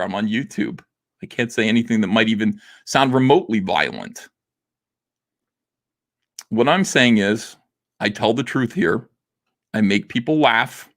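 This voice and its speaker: A man hosting a comics livestream, talking in a theatrical monologue that swings between quiet and loud, with frequent laughs. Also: mid-range voice.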